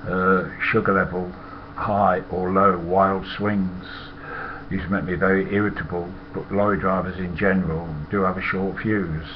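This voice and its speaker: A man's voice: sits low, level tone, moderate pace, dull audio, slight background noise. A man, a former lorry driver telling stories in a rambling, blunt and profane way. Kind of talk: casual storytelling monologue.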